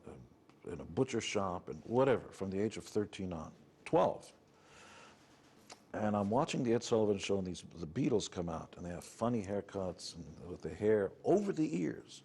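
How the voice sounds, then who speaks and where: A man's voice: low-pitched, mellow, husky. A middle-aged man with a New York accent, speaking as an interview guest and telling his story in a blunt, matter-of-fact way. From United States. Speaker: interview guest, rock musician. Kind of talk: candid conversational storytelling.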